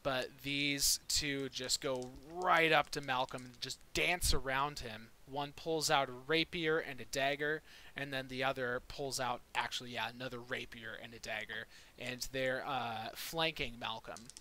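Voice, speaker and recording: A man's voice: mid-range voice, fairly even intonation, a little slow, bright, forceful tone. Rambling male dungeon master. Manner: casual, rambling, with fillers and restarts. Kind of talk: narrating a tabletop game.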